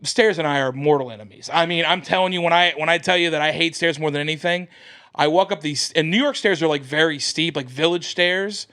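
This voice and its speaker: An American man with a somewhat high voice tells a story on a podcast. He talks in a lively, animated way and acts out the people he quotes. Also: brisk, clean tone. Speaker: comedian guest.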